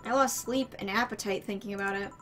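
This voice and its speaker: A woman's voice: mid-range voice, steady tone, fast talker, a bit bright, a little hiss or hum, close to an everyday voice. A woman voicing a nervous, blunt young female bartender as she reads visual novel dialogue aloud. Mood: exasperated.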